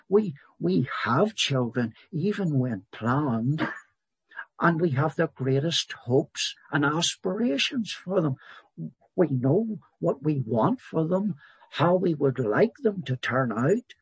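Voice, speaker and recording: A man preaching a sermon in a slow, emphatic way, swelling louder on key words. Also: a little high, breathy edge, no room sound.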